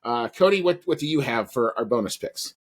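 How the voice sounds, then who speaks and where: A man's voice: medium pitch, animated, fairly quick. A man co-hosting a podcast in casual chat, rambling with lots of fillers and restarts. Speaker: podcast co-host.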